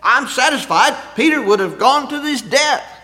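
A man preaching a sermon in a conversational way, asking rhetorical questions and swinging between loud emphasis and quiet asides. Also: extremely high pitch, expressive, normal speed.

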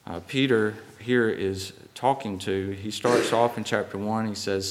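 Hoarse man, lowish voice, delivering a halting church sermon; faint hiss behind. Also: steady tone. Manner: halting, many fillers and restarts. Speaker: preacher.

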